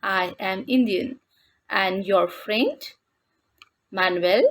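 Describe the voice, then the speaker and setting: A woman teaching a beginners' French lesson, reading dialogue lines and translating them slowly and deliberately. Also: mid-range voice. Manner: slow and deliberate, repeats words in French then English. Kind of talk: explaining a textbook lesson.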